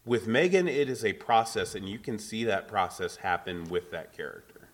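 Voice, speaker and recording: Male podcast co-host, lowish voice, wordy, self-correcting film talk. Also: animated, moderate pace. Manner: wordy, self-correcting, builds points in long lists. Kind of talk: casual movie review chat.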